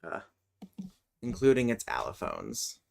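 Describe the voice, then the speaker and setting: A man's voice: medium pitch, sing-song, unhurried, gravelly, darkish tone. A man thinking aloud in fragments while chatting casually as a streamer. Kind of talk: casual chat while working on a language.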